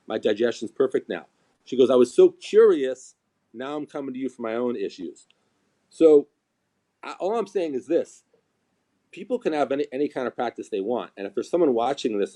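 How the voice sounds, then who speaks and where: A man who is a chiropractor, chatting on a live stream and acting out patients' words as he tells stories. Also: medium pitch. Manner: animated storyteller, acts out quoted patients. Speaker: chiropractor and seminar teacher. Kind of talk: casual live-stream chat.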